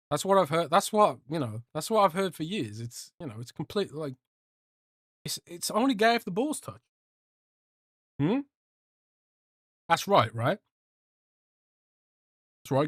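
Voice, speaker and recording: Young dude streaming, chatty and rambly, cusses a lot, pitch jumps all over, super dry mic. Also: male voice, a bit bright, no room sound. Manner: rambling, joking, swears a lot, trails off. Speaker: podcast host reading live chat. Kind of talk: casual livestream chat.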